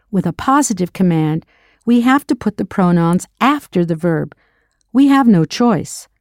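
A woman narrates a scripted audio language lesson with a warm, mellow tone. She is recorded close and dry. She patiently poses drill questions and confirms each answer. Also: medium pitch, no room sound. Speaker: language teacher.

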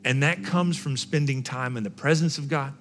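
A man's voice: mid-range voice, normal speed, a bit bright, slight background noise. A male pastor preaching a sermon, speaking emphatically and repeating phrases for effect.

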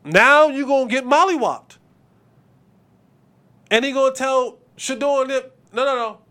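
Animated bright-voiced man giving sports opinions. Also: very high-pitched, a little slow. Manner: animated, preachy, acts out quotes. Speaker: sports podcast host.

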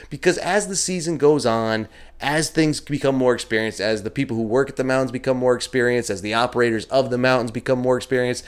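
A man hosting a podcast in a casual, rambling monologue, cursing now and then and jumping up in pitch when he gets worked up. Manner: chatty and rambling, swears freely, animated pitch jumps. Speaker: podcast host. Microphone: filmed talking to a camera with a monitor.

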